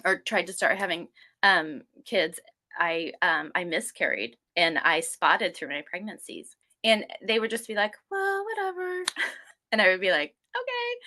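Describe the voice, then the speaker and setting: A woman's voice: lowish voice, normal speed. A woman in her forties telling her health story in a casual interview, rambling and acting out what others said to her. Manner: rambling, animated, acts out quoted people.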